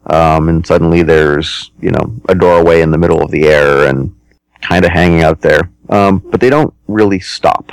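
A man runs a tabletop game in an unhurried, descriptive way, often stopping mid-sentence to search for the right word. His voice sits low and sounds smooth and clear. The recording is dry and close. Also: no echo, poor audio. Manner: slow, descriptive, pauses to search for words. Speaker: game master.

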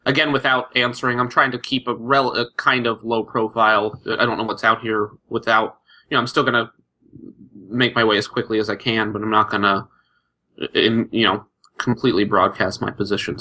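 A man playing a tabletop game, deliberately explaining what his character does. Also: lowish voice, little pitch movement, bright, forceful tone. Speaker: player.

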